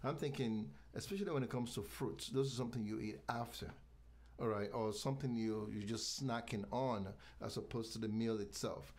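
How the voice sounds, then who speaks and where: A man from Nigeria, a guest in a casual interview, talking in a halting way with frequent restarts. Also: medium pitch, darkish tone. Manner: halting, many restarts, promotional. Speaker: guest, venue owner.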